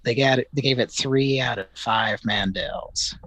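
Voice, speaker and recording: A husky man in a mid pitch, co-hosting with deadpan interruptions. He sounds dry and close to the mic. His delivery stays flat and matter-of-fact. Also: a little slow, dry recording.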